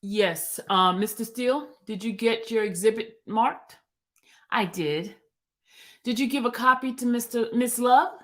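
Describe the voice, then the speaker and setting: A woman's voice: a little high, a little slow, a bit bright. A male judge, read by a woman questions a lawyer from the bench. He speaks in a plain, businesslike way and asks short, direct questions. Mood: questioning. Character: male judge presiding in court.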